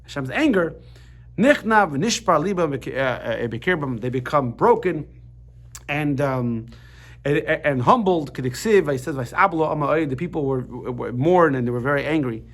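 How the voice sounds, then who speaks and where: A man teaching a lively class, switching quickly between explanation and jokes. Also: on the high side. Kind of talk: animated class lesson.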